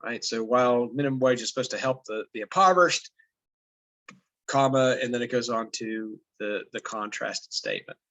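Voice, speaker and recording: A man's voice: medium pitch, fairly even intonation, brisk, few pauses, fairly bright tone, rough recording. A man teaching a class, reading passages aloud and explaining them casually with many fillers. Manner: thinks aloud with fillers, reads passages then comments.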